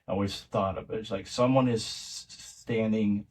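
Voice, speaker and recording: A man's voice: fairly low pitch, steady tone, moderate pace, recorded from a distance. A middle-aged man, a podcast guest, telling family stories in a casual, rambling way with many restarts. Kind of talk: casual conversational storytelling.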